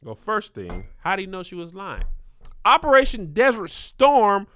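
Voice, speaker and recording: Brief: male comedy advice host, very lively pitch, bright, dry studio sound, reads letters then riffs. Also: normal speed, dry recording. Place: small studio.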